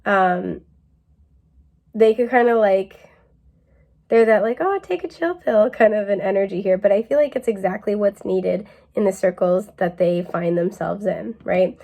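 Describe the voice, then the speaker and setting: A woman's voice: mid-range voice, fairly even intonation, a little slow, gravelly. A woman giving a casual pick-a-card tarot reading, chatty and laid-back, with lots of fillers and easy laughter. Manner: puts on a mellow drawl for quoted phrases.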